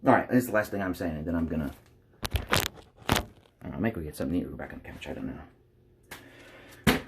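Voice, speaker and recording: A man's voice: low voice, very noisy. A young adult man vlogging candidly from home into a taped-up phone, rambling bluntly and swearing freely. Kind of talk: candid confessional vlog. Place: at home by a couch. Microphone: phone taped in place.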